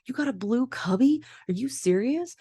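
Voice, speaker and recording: An eager young father cheers on his nervous little boy with playful, exaggerated enthusiasm, as a woman puts him on. The voice is pushed up high and bright. It sounds dry and close, with no room around it. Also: expressive, moderate pace, breathy edge, dry recording. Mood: coaxing. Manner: upbeat, coaxing, playfully exaggerated. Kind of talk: acted quote in a podcast recap.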